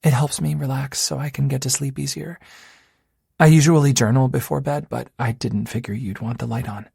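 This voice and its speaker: A man's voice: mid-range voice, steady tone, moderate pace, gravelly, warm tone, husky, no room sound, clean studio sound, voice pushed up, heavily acted. A man voicing a blunt, unconventional young woman in an audiobook, speaking in a candid, matter-of-fact way.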